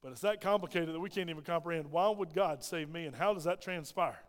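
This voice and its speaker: A male pastor preaches an emphatic sermon in a church hall, peppering the congregation with rhetorical questions. His voice is fairly high and fast, with the long reverb of a large hall.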